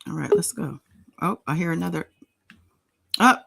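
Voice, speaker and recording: A woman's voice: lowish voice, expressive, moderate pace, vocal fry, pushed and bright, low-quality recording. A woman hosting a casual live stream in a sing-songy voice, greeting her chat members by name. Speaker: livestream host.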